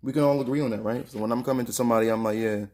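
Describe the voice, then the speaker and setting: A man's voice: medium pitch, steady tone, very fast, a little mellow. A man hosting a casual spiritual monologue, talking in a slangy, conversational street style. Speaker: host.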